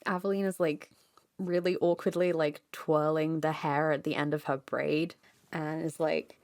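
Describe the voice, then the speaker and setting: A woman's voice: low-pitched, flat delivery, unhurried, a little mellow, no echo, studio quality. A woman playing a tabletop game, chattily narrating what her character does. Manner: laughing, chatty.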